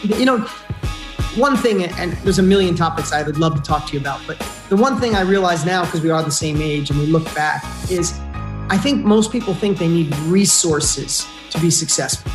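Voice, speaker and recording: A man's voice: a little high, normal speed. A man speaking as a podcast guest, talking in an emphatic, blunt and earnest way. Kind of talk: casual interview talk. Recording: roomy with music behind. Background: music.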